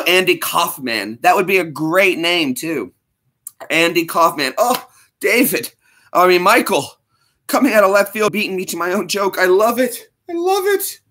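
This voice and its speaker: Bright, lively joking man. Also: high-pitched, normal speed. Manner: rambling, self-amused jokester. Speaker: livestream host. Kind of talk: casual joking stream chat.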